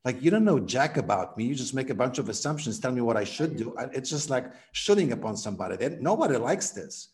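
Animated man coaching on sales. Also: medium pitch, quick pace, few pauses. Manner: energetic, acts out example dialogues. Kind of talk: podcast interview.

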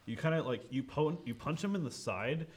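A man narrating as game master in a relaxed, hesitant way, often filling pauses with "um". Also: medium pitch, a little hiss or hum. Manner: relaxed, hesitant, lots of fillers and chuckles.

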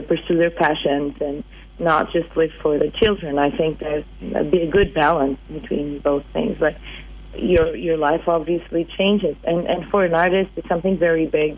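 A woman's voice: low-pitched, phone-quality sound. A woman in her thirties from Portugal who speaks English with a Portuguese accent, chatting in an interview. She talks hesitantly, with many fillers and restarts. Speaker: singer guest. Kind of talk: casual interview chat.

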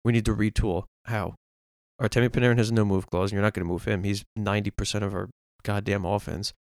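A man with a low, gravelly voice complains through a casual sports podcast. He talks in frustrated bursts, breaking off and restarting his sentences. The sound is dry and close, with no room echo. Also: fairly even intonation. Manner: frustrated, rapid ranting with restarts and swearing. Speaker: podcast co-host.

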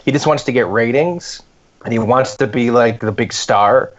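Comedian co-host, loose and rambling, dull muffled mic. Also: male voice, mid-range voice, normal speed. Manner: rambling, animated storytelling with fillers. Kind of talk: casual comedic chat. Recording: dull lo-fi podcast audio.

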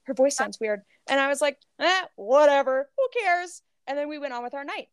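A woman co-hosting a podcast, telling gossip in a lively casual chat, full of "like" and cursing. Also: high-pitched, moderate pace, no room sound. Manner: animated storytelling, heavy filler "like", swears freely. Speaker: podcast co-host.

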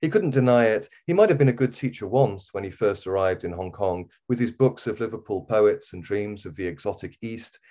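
A man with a Wirral accent reading his own short story aloud in a measured, steady way. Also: lowish voice. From England. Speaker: guest author.

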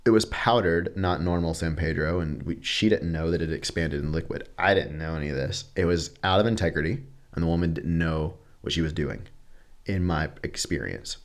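A man's voice: deep voice, moderate pace. A man in his thirties, a podcast guest telling a personal story candidly, acting out quotes and swearing casually.

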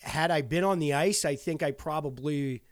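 A young man co-hosting a casual chat, telling a crude story with lots of swearing and loud acted-out quotes. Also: fairly high pitch, normal speed. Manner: profane storyteller, loud animated voices when acting out quotes. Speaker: podcast co-host.

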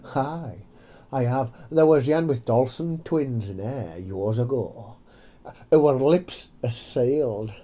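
A man's voice: mid-range voice, slow pace, dark tone, lo-fi sound. A man hosting a comedy podcast, rambling, sweary and self-mocking. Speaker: podcast host. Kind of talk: casual comedy chat.

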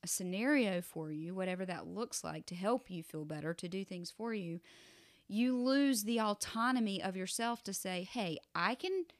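A woman's voice: mid-range voice, moderate pace, no echo, studio quality. A woman in her thirties co-hosting a podcast, talking through ideas in a reflective, casual way. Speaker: podcast co-host. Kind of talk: casual chat.

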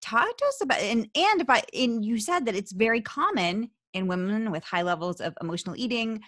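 A woman with a Philadelphia accent hosts a podcast interview. She is friendly and playful, quick to laugh. The recording is dry and close. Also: fairly high pitch, animated, fairly bright tone, no room sound. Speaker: podcast host.

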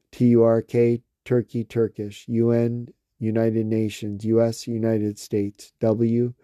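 A man slowly reading a long list of words aloud, one by one, with small slips and restarts. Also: mid-range voice, warm tone, no room sound, clean studio sound. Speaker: reader.

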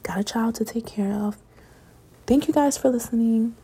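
A woman's voice: fairly high pitch, normal speed, dark tone, slightly rough. A young woman casually encouraging her listeners, frank and profane, drifting at times into whispers. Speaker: vlogger. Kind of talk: casual motivational talk to listeners.

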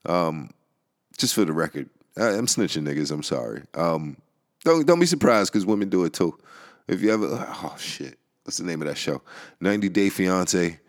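Deep-voiced and sing-song, this New York podcast host talks at a normal speed. His casual rant wanders, with frequent laughter and plenty of swearing along the way.

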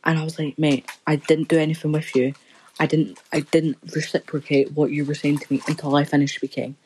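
Young woman, low voice, rambling sweary storytelling, casual podcast chat. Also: little pitch movement, a little fast, a little mellow, a little hiss or hum, low-quality recording.

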